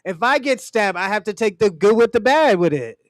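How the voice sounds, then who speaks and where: A man's voice: high voice, lively intonation, fairly quick, no echo, studio quality. A man hosting a podcast who gives blunt, profane opinions in casual talk and speaks straight to his co-hosts. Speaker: podcast host.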